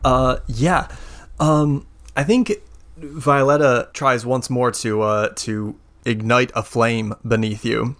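A man acting as game master, narrating a tabletop role-playing game in a relaxed way full of "like" and "uh". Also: medium pitch, slow pace. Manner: relaxed, filler-heavy narration with many "like" and "uh".

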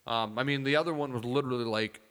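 Minnesota dude chatting easy on a podcast, backtracks a lot, bright tone, reverby room. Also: male voice, medium pitch, quick pace. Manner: conversational, backtracks and corrects himself. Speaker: podcast co-host. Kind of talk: casual chat.

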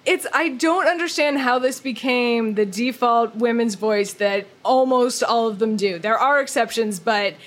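Podcast host, female, higher register, chatty, laughs easily. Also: measured pace, hardly any pauses. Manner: chatty, laughs often, frequent agreeing fillers. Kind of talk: casual chat.

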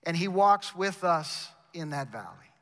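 High bright-voiced preacher in a hall. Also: male voice, animated, unhurried. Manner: emphatic, repeats words, addresses the congregation directly. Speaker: chapel preacher. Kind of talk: sermon. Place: university chapel. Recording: long reverb of a large chapel.

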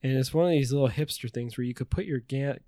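A man's voice: medium pitch, quick pace, mellow, dry recording, studio quality. Rambling, profane man on a podcast. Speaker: podcast co-host. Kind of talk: casual chat.

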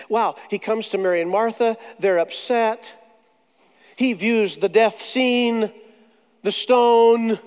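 A man delivers a sermon in a strikingly high voice, mixing jokes with slow, dramatic pauses. His words ring out with a long reverb from a big hall. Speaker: pastor.

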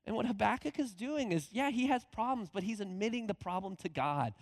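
High-voiced animated male pastor. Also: fairly quick, no echo. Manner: animated, acts out quoted voices with laughs. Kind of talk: conversational sermon.

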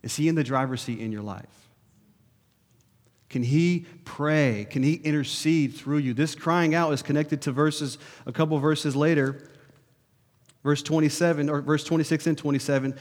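A man preaching a sermon to his congregation, earnest, building to urgent questions and dropping soft for prayer. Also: on the high side, fairly even intonation, moderate pace. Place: church sanctuary. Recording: long reverb of a hall.

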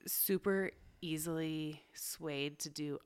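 A woman's voice: sits low, steady tone, takes it slowly, clear, resonant tone. A woman who is a mother, talking candidly and chattily about her faith, full of casual fillers. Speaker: mother of a young child.

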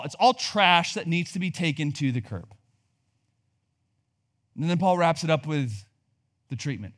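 Male pastor in his thirties, slightly high voice, conversational sermon with emphatic swells. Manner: conversational, rising to emphatic peaks.

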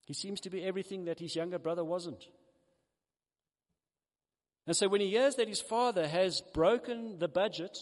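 In a large hall full of lingering reverb, a preacher with a high voice recounts a parable during his sermon. His storytelling is lively, and he slips into the voices of the characters.

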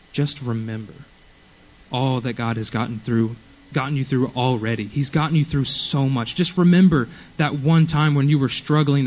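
A man's voice: medium pitch, darkish tone, low-quality recording. A young man preaching at a church youth service, earnest and conversational, often checking in with "okay?". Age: young adult. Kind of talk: sermon.

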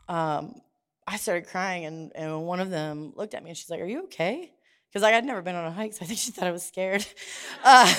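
A woman's voice: mid-range voice, fairly bright tone, smooth. A woman preaching a sermon, telling a personal story in a conversational way with frequent restarts.

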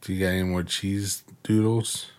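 Lowish male voice, deadpan, blunt, everyday chat. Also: normal speed. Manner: dry, deadpan, blunt complaining. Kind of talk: casual chat.

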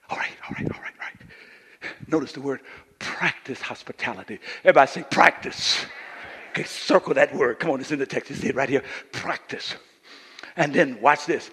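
A man from Louisiana, preaching a sermon as pastor and swinging between quiet asides and shouted lines. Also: mid-range voice, expressive, moderate pace, long pauses, slightly rough. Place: church sanctuary. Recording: live church hall reverb.

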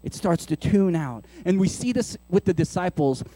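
A man in his thirties preaches to his congregation, animated and chatty, tossing in playful asides. His voice sits high for a man. The sound is dry and close, with no room around it. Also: normal speed, dry recording. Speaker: pastor. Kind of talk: sermon.

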